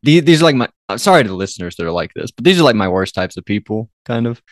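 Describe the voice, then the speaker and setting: A man's voice: fairly low pitch, very animated, very fast, dry recording, studio quality. A man co-hosting a film podcast in casual chat, playful and rambling. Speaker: podcast co-host.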